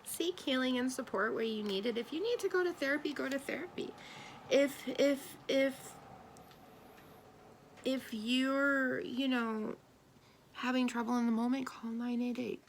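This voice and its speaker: A woman's voice: sits high, fairly even intonation, a little slow, a little hiss or hum. A woman doing a tarot and spirit reading for an audience, talking bluntly and with emphasis, swearing now and then. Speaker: tarot reader.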